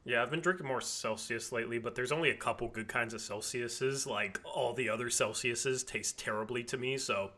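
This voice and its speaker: A man's voice: medium pitch, fairly quick, few pauses, pushed and bright. A man from Washington state hosting a casual postgame basketball chat on a live stream, talking in a chatty, joking way. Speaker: podcast host.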